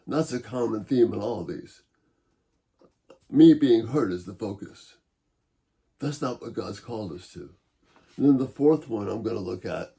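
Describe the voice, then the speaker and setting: A middle-aged man giving a calm, measured Bible-based teaching talk, gently persuasive as he walks through principles. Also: medium pitch, gravelly.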